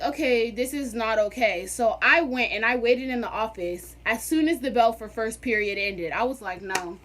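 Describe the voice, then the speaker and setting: A young woman vlogger telling a storytime in a sassy, animated, dramatic way. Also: fairly high pitch, moderate pace, hardly any pauses, a little hiss or hum. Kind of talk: casual storytime.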